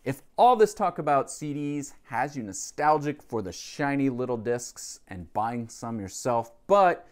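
A vlogger who collects records chats to camera about his music haul, rambling with asides and fillers. His medium-pitched voice is animated and unhurried, with few pauses.

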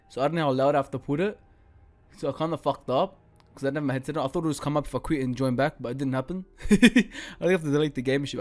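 A man, casually commenting while he plays a horror game and swearing a lot. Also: medium pitch. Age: 20s. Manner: swears a lot, panicky yelling when scared. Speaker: gaming streamer.

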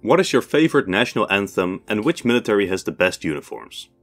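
A man in his twenties with a Dutch accent, hosting a history channel and reading out viewer questions and his answers in a measured, scripted way. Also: fairly low pitch, sing-song, a bit bright, soft background music. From Netherlands. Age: 20s. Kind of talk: scripted Q&A narration.

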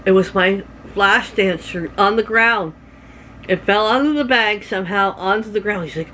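A woman's voice: mid-range voice, moderate pace, fairly bright tone, slight background noise. A middle-aged woman from Canada chatting to her camera at home, rambling through stories with laughs. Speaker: vlogger. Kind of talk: casual chat to camera.

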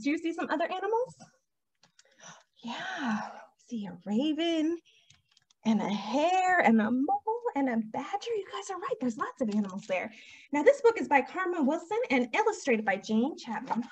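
A young woman leading a toddler storytime at a library, reading aloud slowly in a sing-song, animated way with whispered shushes, on a dull lo-fi recording. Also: high voice. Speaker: children's librarian. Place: library program room.

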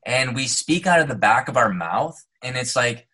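Bright, husky-voiced actor telling stories. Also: male voice, medium pitch, moderate pace. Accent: neutral North American, trained. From Saskatchewan, Canada. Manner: animated storyteller, acts out quotes. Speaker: guest, actor. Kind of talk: casual podcast interview.

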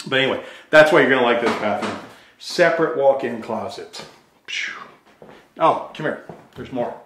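A man's voice: mid-range voice, animated, normal speed, a bit bright, slight background noise. A middle-aged man giving a rambling, joking house tour as a real estate agent, slightly out of breath. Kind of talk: casual walkthrough talking to camera. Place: inside a large empty house. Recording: echoey empty rooms.

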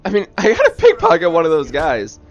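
A man's voice: on the high side, wildly swooping pitch, brisk, muffled recording, faint music behind. A man giving chatty, self-mocking commentary while playing a game. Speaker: let's-play host. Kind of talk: casual gaming commentary.

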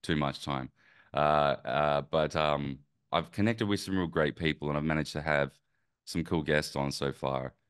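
A man's voice: a bass voice, unhurried, clean tone, no room sound, clean studio sound. A man hosting a podcast, chatting casually and thoughtfully with a guest. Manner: relaxed, thoughtful, rambling with fillers. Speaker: podcast host interviewing a guest. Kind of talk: casual conversation.

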